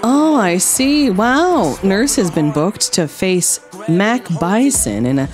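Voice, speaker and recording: A woman streamer talks her chat through a game with a sarcastic, playful edge. Her pitch leaps all over the place, from sleepy low murmurs to high squeals, and she takes her time over the words. Faint music plays under her. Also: expressive, slow, darkish tone. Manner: sarcastic, playful, swings between drowsy and shrieking. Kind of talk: gameplay commentary with chat.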